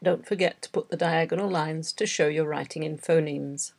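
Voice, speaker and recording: A woman in her fifties, a teacher reading a dictation exercise slowly and deliberately, word by word. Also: sits low, fairly even intonation, vocal fry, darkish tone, husky.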